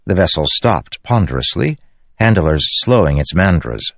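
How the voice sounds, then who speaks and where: A man narrating a fantasy audiobook in a steady storytelling manner. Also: deep voice, normal speed, dry recording, clean studio sound. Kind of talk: scripted narration.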